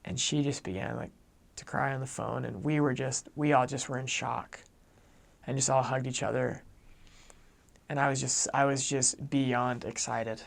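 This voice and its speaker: Earnest young man with a gravelly voice. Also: medium pitch, steady tone, normal speed. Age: young adult. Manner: earnest, acts out quoted dialogue. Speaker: returned missionary. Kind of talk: personal storytelling.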